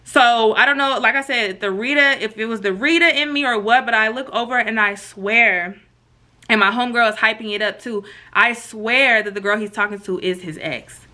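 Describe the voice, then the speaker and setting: A woman with a bright, forceful voice pitched a little high tells a storytime straight to her viewers. She is animated and slangy and acts out each quote as she goes. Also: normal speed. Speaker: storytime vlogger. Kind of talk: casual storytime addressed to viewers.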